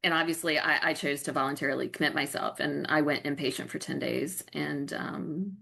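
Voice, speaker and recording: A middle-aged woman from North Carolina speaks in a slightly low voice. She tells her own story as an interview guest, earnest and reflective. She often restarts her sentences as she searches for words. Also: a little fast, gravelly, sharp tone, slightly rough. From North Carolina, USA. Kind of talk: candid personal storytelling.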